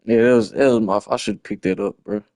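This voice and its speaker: A man's voice: on the low side, fairly even intonation, fairly quick, a little mellow, no echo. A man, breaking down a lost football video game in a frustrated, slangy ramble on a livestream. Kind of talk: casual game replay breakdown.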